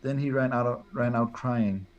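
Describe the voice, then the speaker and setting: A young man, guest on a stream, reading a fanfic aloud in a flat deadpan way. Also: mid-range voice, moderate pace, lo-fi sound, a little hiss or hum.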